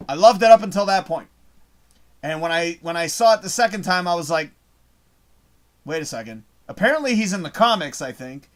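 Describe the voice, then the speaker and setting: A man's voice: high voice, fairly bright tone. Rambling, swearing male live-stream host. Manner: rambling, swears often, loses his train of thought. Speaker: live show host reading chat. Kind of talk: casual live-stream chat.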